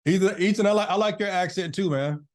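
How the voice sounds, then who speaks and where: Man, casual online business class host, chatty and loose, fairly high voice, video call mic. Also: fast, a little mellow. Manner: chatty, loose, talks to participants by name.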